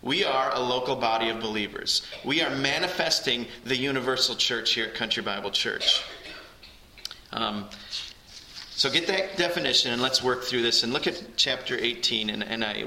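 A man's voice: medium pitch, normal speed, sharp tone, slight background noise. A man preaching a sermon as pastor, earnest and building emphasis on key phrases. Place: church sanctuary. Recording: echoey church hall.

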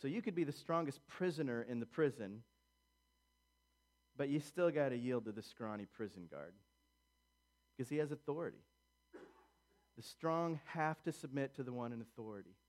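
A man's voice: medium pitch, lively intonation, moderate pace, pauses often. Earnest male pastor preaching a sermon. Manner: earnest, urgent, emphatic with quiet asides.

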